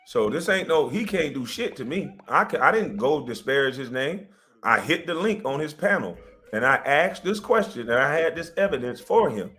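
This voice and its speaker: A man's voice: fairly high pitch, big pitch swings, normal speed, sharp tone, soft background music. A man hosting a livestream, defiantly defending himself and insisting he keeps his receipts, repeating points for emphasis. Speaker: livestream host. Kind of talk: heated livestream rant.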